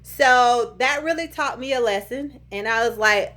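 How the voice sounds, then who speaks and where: A woman's voice: on the high side, normal speed, hardly any pauses. A woman in her thirties, a little out of breath, chatting jokingly in a casual pregnancy update vlog. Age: 30s. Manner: animated, joking, playful sing-song bursts. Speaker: vlogger.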